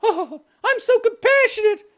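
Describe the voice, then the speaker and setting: A man putting on a high, sugary voice to mock a self-righteous bleeding-heart liberal. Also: expressive, unhurried, fairly bright tone, exaggerated voice. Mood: smug. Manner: sugary, mocking.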